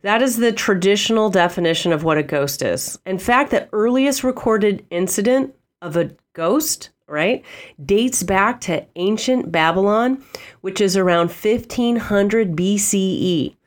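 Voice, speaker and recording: A woman's voice: mid-range voice, measured pace. A woman hosting a podcast, talking off the cuff in a chatty way with a nasal voice from a head cold, often checking in with "okay?". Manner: chatty, frequent "okay?" check-ins, laughs easily. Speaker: podcast host. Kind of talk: off-the-cuff spiritual podcast monologue.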